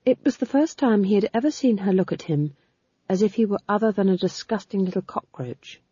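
A woman narrating an audiobook with measured, expressive storytelling, in a dull lo-fi recording. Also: mid-range voice, breathy edge, no echo. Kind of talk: scripted narration.

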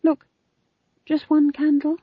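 A woman's voice: mid-range voice, sing-song, moderate pace, breathy edge, no echo, pitched above the performer's own voice. A woman voicing a young, fretful witch who talks in an earnest, quavering, defensive way. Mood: pleading. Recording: dull lo-fi dry recording.

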